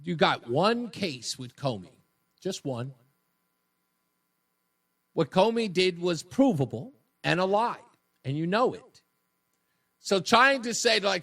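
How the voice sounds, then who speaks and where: A man hosting a talk radio show, delivering a mocking, combative political monologue that swings between shouting and low taunts. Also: sing-song, a little slow, pauses often.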